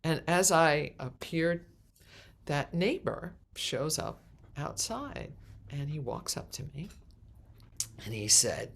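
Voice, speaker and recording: Female minister, storytelling in a sermon, lively, acts out the other voices. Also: sits low, slow, long pauses. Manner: animated storyteller acting out voices, with restarts. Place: congregation meeting hall.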